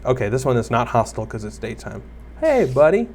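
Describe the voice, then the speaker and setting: A man's voice: mid-range voice, level tone, quick pace, slight background noise. A young man giving casual Let's Play commentary, rambling and self-deprecating as he chats to viewers and the creatures on screen. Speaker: gaming YouTuber.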